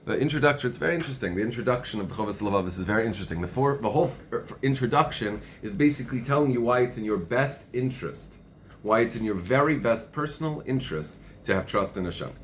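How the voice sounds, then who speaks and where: A man's voice: medium pitch, lively intonation, quick pace, slight background noise. A man teaching religious texts in conversation, working through a passage step by step and reading parts of it aloud. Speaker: Torah teacher.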